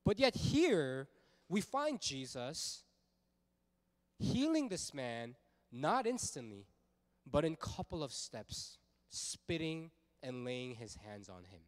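A man preaching a sermon as pastor, telling a story in a casual, animated way with lots of fillers. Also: mid-range voice, takes it slowly, in a large hall.

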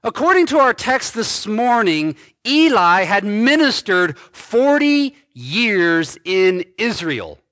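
A male pastor preaching a sermon slowly and emphatically, repeating key phrases. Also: high-pitched, fairly bright tone, no room sound, clean studio sound.

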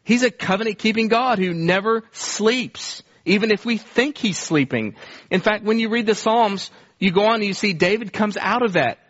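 Man, pastor, earnest conversational sermon, fairly high voice, dull lo-fi recording. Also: normal speed, fairly bright tone.

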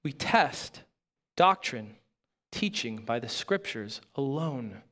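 A man's voice: medium pitch, big pitch swings, takes it slowly, pushed and bright. A pastor preaching a sermon in an earnest, emphatic way, asking his listeners rhetorical questions.

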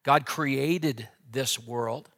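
A man preaching a sermon with dynamic delivery, dropping to a hush and then rising to loud, emphatic lines. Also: mid-range voice, drawn-out words.

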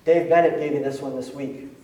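A man's voice: a little high, fairly even intonation, a little fast, warm tone, slight background noise. A man preaching a sermon as pastor, talking in a conversational way with slangy asides and building to emphatic peaks. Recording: roomy echo, mic at a distance, faint ambience.

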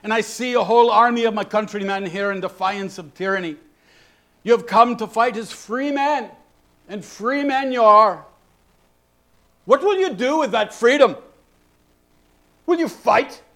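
Brief: rousing Scottish war leader, brogue, loud and high-pitched, put on by a man preaching. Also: unhurried, pauses often. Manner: rousing, declamatory, shouted speech. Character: defiant Scottish rebel leader rallying outnumbered troops. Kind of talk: sermon illustration.

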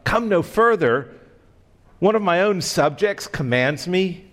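Pastor doing a high, scornful winged demon, gloating and screeching. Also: male voice, expressive, takes it slowly, fairly bright tone, heavily acted. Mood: mocking. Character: monstrous winged male demon, scornful and cruel.

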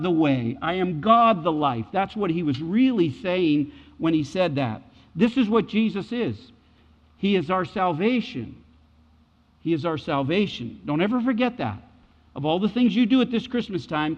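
A man's voice: sits high, big-room sound, highs cut off. A middle-aged man preaching a sermon, emphatic and repeating key phrases for weight. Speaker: pastor.

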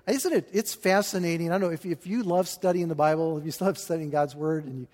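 A man preaching a sermon as pastor, earnest and halting, often restarting his phrases with fillers. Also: fairly high pitch, darkish tone. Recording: long hall reverb.

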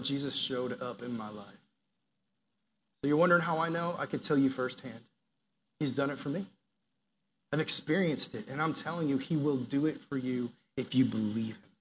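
A man preaching a sermon as a youth pastor, animated, acting out quoted prayers and dropping to soft, earnest appeals. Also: medium pitch, moderate pace, a little hiss or hum.

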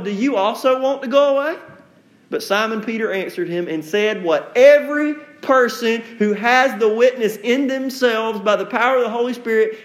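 A man's voice: high-pitched, reverberant. A male pastor preaching a sermon in a conversational, emphatic way, acting out quotes in different voices.

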